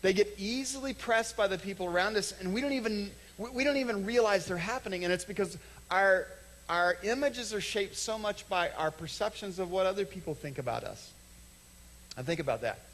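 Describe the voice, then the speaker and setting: A man preaching a sermon from the stage of a church, talking conversationally, acting out short quoted exchanges and slowing down to stress key lines. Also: sits high, fairly bright tone, poor audio. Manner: conversational, acts out little quoted dialogues, slows for emphasis. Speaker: pastor. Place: church sanctuary.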